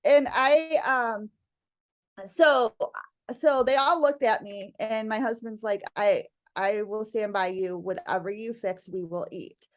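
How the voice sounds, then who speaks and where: With plenty of laughs and lively delivery, a middle-aged woman appearing as a guest shares a family story in casual chat, performing the things her family said. Her voice is medium in pitch, and she takes her time.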